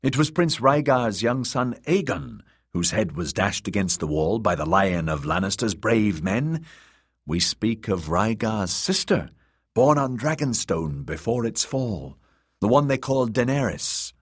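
Man putting on a soft-spoken young man, slow drawl, calm and unhurried, husky edge. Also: on the low side, no echo, clean studio sound, exaggerated voice.

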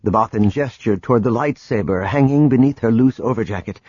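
A man narrating an audiobook in a dramatic, expressive reading. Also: mid-range voice, brisk, breathy edge, no echo. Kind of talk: scripted narration. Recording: dull lo-fi recording with music.

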